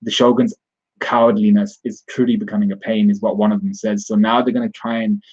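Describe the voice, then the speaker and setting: A man's voice: lowish voice, flat delivery, a little fast, darkish tone, slightly rough, dull audio. A man giving a casual spoken recap and review of a comic chapter, rambling with frequent restarts and self-corrections.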